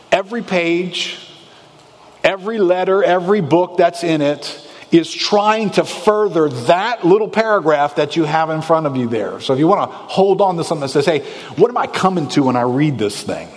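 A man delivering a sermon with a fairly high voice, sounding from a large hall with a long reverb trail. He talks to the congregation like a conversation, firing off rhetorical questions and slipping into anxious inner voices to make his point. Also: animated, moderate pace. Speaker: pastor.

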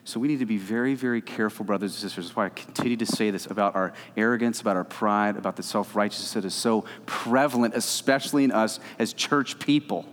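A man preaching a sermon as pastor, animated and emphatic, swinging between loud stretches and soft, low ones. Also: fast, hardly any pauses. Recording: reverberant hall.

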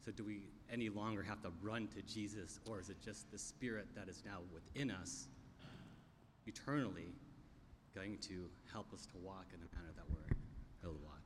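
A man's voice: deep voice, normal speed, long reverb tail, background noise. A man in a Bible class asking a question, hesitant and searching for his words. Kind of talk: question from the audience.

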